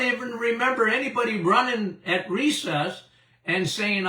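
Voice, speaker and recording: Speaking at normal speed in a high, animated, pushed and bright voice, a man in his 70s who is a doctor leads a health talk before an audience. He's emphatic, with repetitions and chuckles, and the mic sounds roomy and distant.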